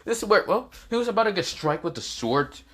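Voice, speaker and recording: A man's voice: high-pitched, sing-song, a little fast, fairly bright tone. Rambling, cursing man narrating a story. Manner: rambling, filler-heavy, swearing. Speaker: fan-fiction narrator.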